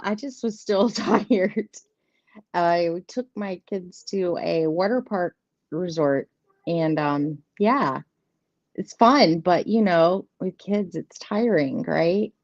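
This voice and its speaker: A woman's voice: lowish voice, darkish tone, no echo. A chatty, giggly woman hosts a live tarot stream from her desk at home, taking her time over every sentence. Her laughter breaks in often. The sound is dry and a little dull, like lo-fi stream audio. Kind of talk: casual live-stream chat.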